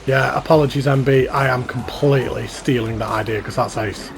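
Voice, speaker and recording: A YouTuber tours a fan-built theme park in a video game, giving casual, enthusiastic commentary that rambles and keeps repeating his praise. His medium-pitched voice is steady and fairly quick, with faint music behind it.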